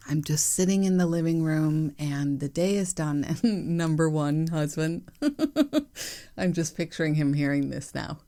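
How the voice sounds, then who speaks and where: A woman hosting her own podcast, talking candidly and reflectively in a chatty way with soft laughs. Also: deep voice. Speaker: podcast host. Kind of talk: reflective solo podcast monologue.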